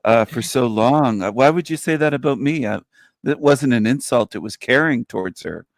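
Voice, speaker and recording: A man's voice: mid-range voice, lively intonation, normal speed. A man calling in to a live stream. His tone is mock-pompous and trolling. The sound is dry and close, with no room echo. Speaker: call-in guest. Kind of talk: casual live-stream chat.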